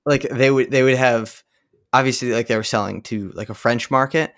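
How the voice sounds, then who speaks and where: A man's voice: mid-range voice, steady tone, moderate pace, a bit bright. A young man co-hosting a podcast, talking in a laid-back, casual way with lots of "dude" and "like.". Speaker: podcast co-host. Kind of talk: casual chat.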